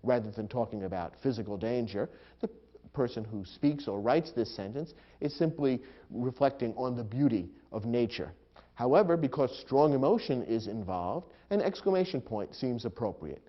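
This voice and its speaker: Lively-voiced man teaching grammar, lo-fi. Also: medium pitch. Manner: measured, explanatory, reads example sentences with expressive emphasis. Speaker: grammar instructor. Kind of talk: scripted educational narration. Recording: dull lo-fi recording.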